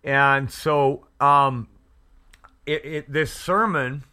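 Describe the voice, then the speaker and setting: A man hosting a Christian radio talk show, speaking fervently and haltingly, with many restarts and fillers. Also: mid-range voice, fairly even intonation, bright, forceful tone, clean tone. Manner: fervent, prays aloud. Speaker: Christian internet radio host. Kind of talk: casual faith talk show. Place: Edmonton area.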